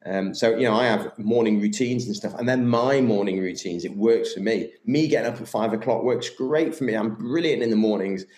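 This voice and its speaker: A man's voice: on the low side, a little fast, few pauses, darkish tone. A man in casual conversation, candid and enthusiastic, swearing freely. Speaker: podcast guest, yoga business owner. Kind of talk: casual chat. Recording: roomy echo.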